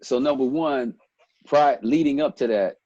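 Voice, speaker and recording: A man in his forties from Ethiopia, a guest telling stories in a relaxed interview, animated and quick to quote others. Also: medium pitch, no room sound, lo-fi sound. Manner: animated storyteller, breaks into quoted voices and laughs. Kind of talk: casual storytelling interview.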